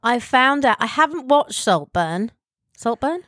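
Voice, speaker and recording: A woman's voice: high voice, animated, measured pace, a bit bright, dry recording. Middle-aged british woman, dry matter-of-fact podcast chat, close dead sound. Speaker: podcast co-host. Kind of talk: casual chat.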